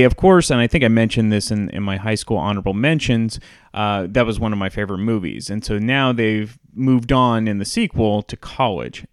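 A man talks through his favorite comedy movies in a loose, chatty countdown, with plenty of ums and you-knows. His voice is smooth and clear, and the recording is dry and close. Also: lowish voice, dry recording. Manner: relaxed and chatty, with frequent fillers. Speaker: host. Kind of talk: casual movie countdown review.

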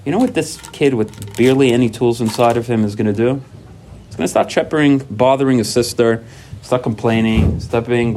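A man who is a parent gives a personal talk at a recovery workshop. He tells stories with lively energy, acts out quoted dialogue, and often repeats himself and restarts sentences. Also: mid-range voice, a little fast, a little hiss or hum. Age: adult parent. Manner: animated storytelling, acting out quoted dialogue; frequent repetitions and restarts.

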